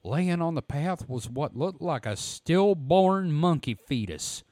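A hoarse man voicing a drawling Southern male storyteller who recalls a boyhood camp, reading the account aloud in a put-on Southern accent. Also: on the high side, lively intonation, slow, mellow, no room sound, voice pushed up. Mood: storytelling. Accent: American Southern. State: hoarse throat.

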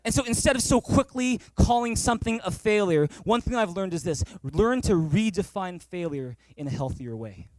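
High voiced pastor guy preaching, punchy and repetitive, dry close sound. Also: lively intonation, moderate pace, few pauses, dry recording. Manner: emphatic, repetitive, calls for amens. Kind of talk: sermon. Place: church service.

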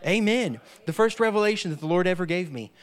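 Male preacher, higher-pitched voice, emphatic and repetitive sermon delivery with steady amens. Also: quick pace. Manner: emphatic, repeats key phrases, frequent "amen".

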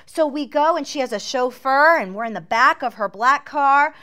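A woman telling her missionary testimony as a dramatic personal story, earnest and often dropping to a hushed voice. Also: high voice, lively intonation, normal speed. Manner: earnest, drops to a hushed voice at tense moments.

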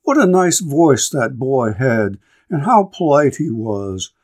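A man's voice: medium pitch, very animated, slow, darkish tone, full character voice. A man voicing an earnest, wistful woman farm owner who speaks eagerly and lingeringly.

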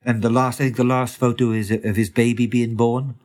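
A man's voice: medium pitch, flat delivery, brisk, a little mellow. Eager, stumbling male photographer guest. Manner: enthusiastic, stumbling restarts, many fillers. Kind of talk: conversational interview.

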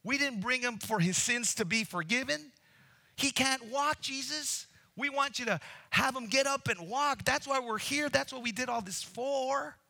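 Brief: man playing exasperated rooftop men, pitched well up, pleading, gravelly edge. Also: moderate pace, pushed and bright, no room sound, heavily acted. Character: frustrated men on a roof, shouting down.

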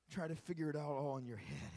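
A male preacher giving a sermon in a church, swinging from hushed lines to shouted, rhythmic repetition. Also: fairly high pitch.

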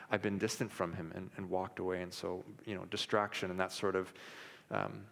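A man in his thirties delivers a sermon in a fairly low voice, sharing candid personal stories with plenty of restarts and fillers. His words ring out with a long reverb, as in a large hall. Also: a bit bright. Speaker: pastor.

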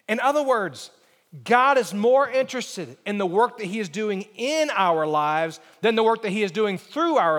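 A male pastor preaching a sermon in a church sanctuary, with an emphatic, repetitive cadence that builds up and then drops quiet. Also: very high voice. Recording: long hall reverb.

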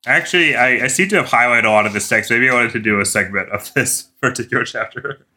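A man's voice: mid-range voice, quick pace, pushed and bright. A man co-hosting a podcast, chatting casually about a book, laughing easily and reluctant to read aloud. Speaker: podcast co-host. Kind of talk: casual book-club chat.

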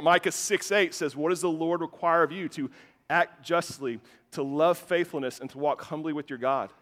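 A man's voice: a little high, big-room sound. A man in his thirties preaching a sermon as pastor, impassioned and emphatic, often restarting his words. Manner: impassioned, rising to loud emphatic bursts, with repeated restarts. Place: church hall.

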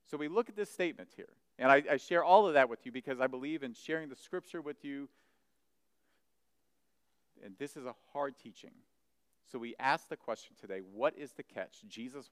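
A male pastor preaching a sermon. He retells a scripture passage and voices the doubting crowd with a rising, agitated pitch. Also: smooth, no room sound, in a large hall.

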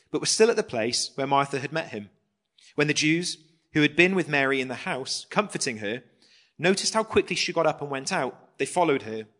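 A man's voice: a little high, bright, forceful tone. A man giving a conversational Bible study sermon, reading scripture and then explaining it casually with questions to the audience. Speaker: preacher.

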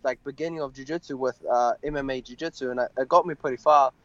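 A young man, an MMA fighter, telling a personal story in an interview, halting and full of fillers. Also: mid-range voice, fairly even intonation, no echo, highs cut off. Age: young adult. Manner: halting, many fillers and restarts.

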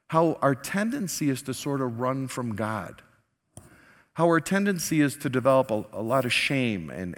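A male pastor preaching a sermon, telling a story with lively acted-out quotes. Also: mid-range voice. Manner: animated storytelling, acting out quoted lines. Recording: long hall reverb.

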